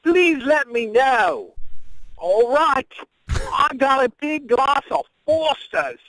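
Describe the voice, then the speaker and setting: A man's voice: very high-pitched, lively intonation, slow, a bit bright, no room sound, exaggerated voice, rough recording. A man voicing a goofy caller with a put-on Australian accent, hesitating and searching for his words.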